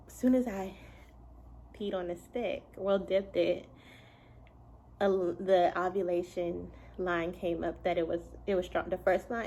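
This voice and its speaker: A young woman in a chatty home storytime, her voice sitting a little low for a woman. She tells the story in an animated way, laughing as she goes. A faint hiss sits behind her. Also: gravelly, rough recording. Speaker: vlogger and mother. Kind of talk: casual storytime.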